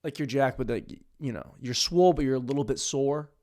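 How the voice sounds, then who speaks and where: Rambling comedian talking to himself. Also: male voice, medium pitch, a little fast. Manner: rambling, self-mocking, crude jokes; swings from mumbled asides to loud bursts. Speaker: podcast host. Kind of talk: solo comedy monologue.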